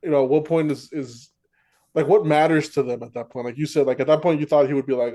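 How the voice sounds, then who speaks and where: A man's voice: a little high, steady tone, fast talker, dark tone. A young man co-hosting a podcast, telling a clip story in a rambling, easygoing way. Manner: rambling, restarts a lot, laughs along. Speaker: podcast co-host. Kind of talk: casual podcast chat.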